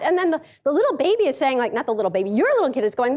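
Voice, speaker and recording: Lively high-pitched woman telling funny stories. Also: quick pace, few pauses. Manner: animated, jokey, acts out voices of others; paces while speaking. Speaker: speaker giving a talk. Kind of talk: humorous storytelling talk.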